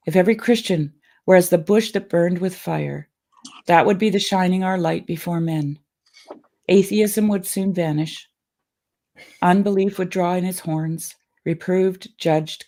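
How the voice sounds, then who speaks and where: A woman's voice: on the low side, creaky, dark tone. A woman reading an old sermon aloud in an earnest, emotional way, then chatting casually.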